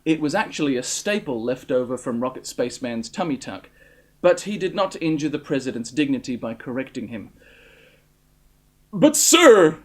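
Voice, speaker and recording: A man reading his own comic story aloud in a deadpan, dry narration. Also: mid-range voice, fairly quick.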